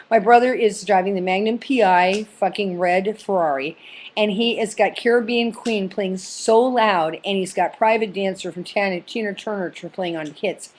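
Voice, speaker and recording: A middle-aged woman telling a funny personal story in a rambling, profane way, full of fillers and restarts. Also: on the low side.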